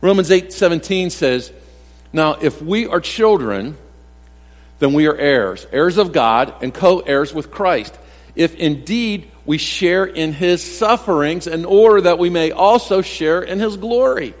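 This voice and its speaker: Pastor preaching in a reverberant hall. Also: male voice, fairly high pitch, lively intonation, unhurried. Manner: conversational preaching with self-deprecating humor and acted-out quotes. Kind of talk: sermon. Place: church sanctuary.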